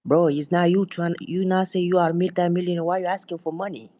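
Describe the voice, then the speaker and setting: A man's voice: sits high, level tone, brisk, dark tone, no echo. A man raised in France, calling in to argue, taunting and profane, repeating himself. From Ethiopia, raised in France. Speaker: caller. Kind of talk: heated call-in argument.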